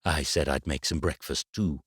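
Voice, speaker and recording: A man doing a brisk older grandmother. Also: rumbling low, fairly bright tone, slightly rough, no echo, clean studio sound, voice pushed down, exaggerated voice. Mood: calm.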